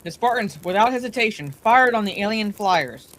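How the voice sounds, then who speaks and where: A woman reading a bedtime story aloud in a steady, plain way, her voice slightly congested from allergies. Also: mid-range voice, moderate pace, poor audio.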